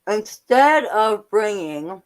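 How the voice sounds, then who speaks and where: A woman's voice: mid-range voice, very animated, slow pace, rough recording. A woman on an online panel who politely and hesitantly cuts in to ask a question.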